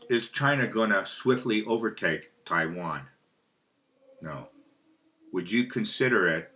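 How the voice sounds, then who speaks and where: A man's voice: deep voice, bright, forceful tone. A man talking in a rambling monologue, often losing his thread and asking questions aloud, then answering them himself. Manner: rambling, loses track, asks dowsing questions aloud. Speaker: spiritual video host.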